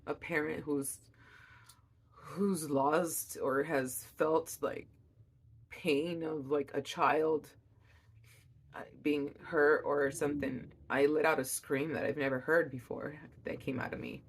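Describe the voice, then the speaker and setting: A young woman, a mother, telling a personal story in an emotional, halting way with many restarts. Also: low voice, steady tone, slight background noise. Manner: emotional, reliving events.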